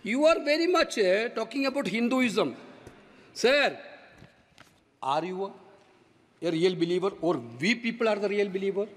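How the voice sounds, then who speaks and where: Man, Malayali English accent, very high voice, forceful repetitive parliament speech, long hall reverb. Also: moderate pace, long pauses. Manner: forceful, repetitive, rising to shouts. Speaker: member of parliament. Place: parliament chamber.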